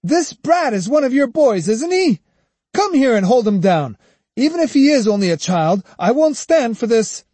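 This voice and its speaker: A man voicing a proud, sharp-tongued adult samurai swordsman with a rasping edge in an audiobook reading. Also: high voice, wildly swooping pitch, no echo, voice pushed up, full character voice. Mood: furious. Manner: sharp-tongued, quick to anger.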